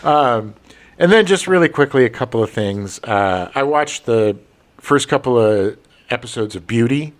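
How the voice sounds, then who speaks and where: A middle-aged man co-hosting a podcast, telling stories in casual chat with an expressive, laughing delivery. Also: mid-range voice, moderate pace. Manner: animated, expressive, laughing storyteller. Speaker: podcast co-host.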